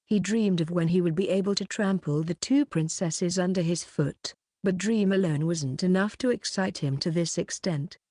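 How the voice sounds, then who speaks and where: A woman narrating a fantasy audiobook in a steady, even reading voice. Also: lowish voice, dry recording, clean studio sound.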